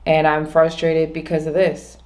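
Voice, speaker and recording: Woman, low voice, casual reflective vlog, rambling with restarts, slows down to stress points. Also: completely flat delivery, a little mellow. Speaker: vlogger.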